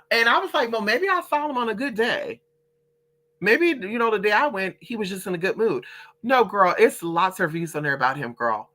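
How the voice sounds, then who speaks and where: Animated, profane woman telling a story. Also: mid-range voice. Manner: acts out other people in quoted voices. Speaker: vlogger. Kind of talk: casual storytime vlog.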